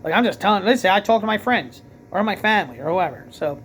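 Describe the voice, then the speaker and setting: A man with a thick Philadelphia accent rambles through a casual late-night vlog rant. His voice sits high for a man, and he strings thoughts together with constant fillers and self-corrections. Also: lively intonation, fast talker, fairly bright tone, slight background noise. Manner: rambling, heavy with "like" fillers and restarts. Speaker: vlogger and DJ.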